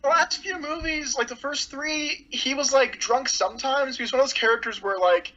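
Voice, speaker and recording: Blunt, sarcastic woman reviewer with a bright voice, casual and loose; slightly dull recording. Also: high-pitched, moderate pace. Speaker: movie reviewer.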